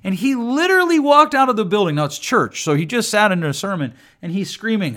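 Higher-voiced man hosting a chatty solo podcast. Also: lively intonation, brisk, few pauses, pushed and bright. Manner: conversational, repeats and restarts words, self-mocking dry humor. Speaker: podcast host.

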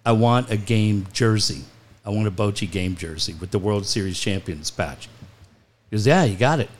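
Man, sports radio host, casual storytelling, animated, profane, laughing. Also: lowish voice, moderate pace, a little hiss or hum.

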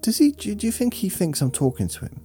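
A man hosting a sleep podcast, rambling in a drowsy, deadpan way. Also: high voice, fast, soft background music. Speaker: podcast host.

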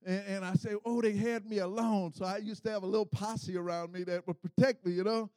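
A middle-aged man with a high voice preaches briskly in a rising call-and-response style, calling out to the congregation and building to shouts at his peaks. His intonation stays fairly even overall. The recording is close and dry, with no room echo.

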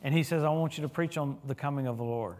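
A middle-aged man preaching a sermon in a church, telling stories with humor and swinging his voice up and down as he gets caught up. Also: quick pace. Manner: animated storytelling with humor, lively pitch swings. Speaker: guest preacher.

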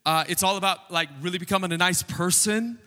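A man preaches a sermon in a church, his fairly high voice bright and forceful. He talks to the congregation conversationally and tosses in joking asides. A long reverb from the hall trails behind his words. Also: fairly even intonation, a little fast. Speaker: pastor. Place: church sanctuary.

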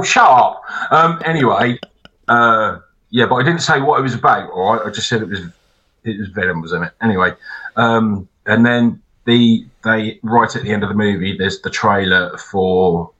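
Sweary bright-voiced man. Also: fairly low pitch, lo-fi sound. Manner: sweary, animated storyteller. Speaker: podcast co-host. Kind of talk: casual chat.

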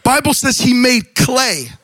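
Male pastor, animated sermon delivery, high bright tenor, acts out scenes. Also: a little slow, a little hiss or hum. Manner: animated preaching, acting out Bible scenes with shouts and joking asides.

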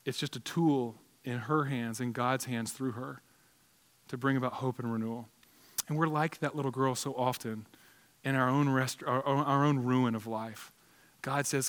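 A man's voice: mid-range voice, fairly even intonation, moderate pace, fairly bright tone. A man preaching a sermon as pastor, building his points with emphatic, repeated phrases. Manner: emphatic, repetitive rhetorical phrasing.

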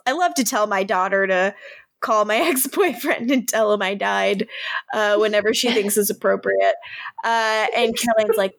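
A woman co-hosting a casual chat, retelling scenes in a lively, giggly way and acting out the characters' lines. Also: mid-range voice, moderate pace, gravelly, no echo, clean studio sound. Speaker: podcast co-host recapping a TV episode.

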